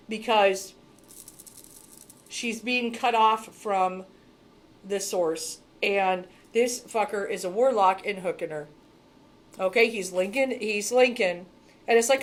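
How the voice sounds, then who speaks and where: A woman's voice: medium pitch, normal speed. A woman spiritual reader talking casually to camera in a blunt, emphatic, heavily profane way.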